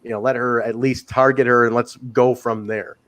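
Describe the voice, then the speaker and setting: A man's voice: mid-range voice, flat delivery, normal speed, fairly bright tone. A man hosting a wrestling podcast, chatting casually, swearing now and then and reading viewer comments aloud. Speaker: podcast host.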